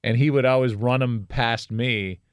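A man's voice: mid-range voice, steady tone, normal speed, clean tone, no room sound, clean studio sound. A middle-aged man, a guest in an interview, telling a personal story in a reflective, candid and wry way.

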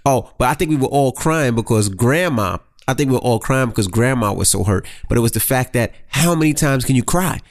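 Blunt, animated man co-host. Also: mid-range voice, a little fast, hardly any pauses. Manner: blunt, swears freely, interjects and agrees often. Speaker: podcast co-host. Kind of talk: casual conversation.

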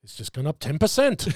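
Lively man leading the chat. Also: sits high, gravelly, slightly rough. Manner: lively, blunt, swears, jokey. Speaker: podcast host leading segments. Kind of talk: casual chat.

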